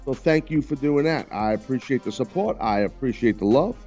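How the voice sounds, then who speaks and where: A man's voice: medium pitch, expressive, fairly quick, warm tone, soft background music. Teasing, rambling radio host, man. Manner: loose and rambling, teasing his co-hosts. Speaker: radio talk show host. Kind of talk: casual on-air banter.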